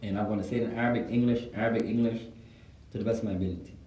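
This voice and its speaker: A man's voice: lowish voice, steady tone, rapid-fire, warm tone. A man teaching an informal class, telling stories and switching between Arabic and English. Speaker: Arabic and Islamic studies teacher. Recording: echoey classroom from far off.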